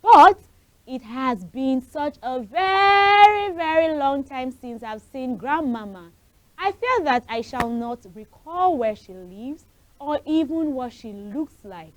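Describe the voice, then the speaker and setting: A woman's voice: high voice, lively intonation, slow pace, pitched above the performer's own voice, rough recording. A woman voicing a polite little girl who speaks in old-fashioned, well-mannered phrases. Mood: eager.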